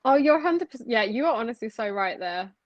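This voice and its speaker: A woman's voice: fairly high pitch, dry recording. A young woman co-hosts a podcast, talking chattily and restarting her sentences. The recording is dull and lo-fi, with a dry, close sound. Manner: chatty, animated, with halting restarts. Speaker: podcast co-host. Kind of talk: casual chat.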